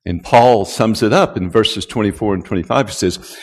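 A male pastor preaching a sermon, who builds to loud call-and-response and draws out key words. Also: fairly low pitch, moderate pace. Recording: long hall reverb.

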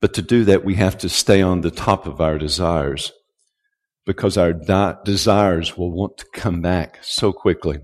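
A male pastor preaching a sermon, who builds to loud call-and-response and draws out key words. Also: sits low, measured pace. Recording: long hall reverb.

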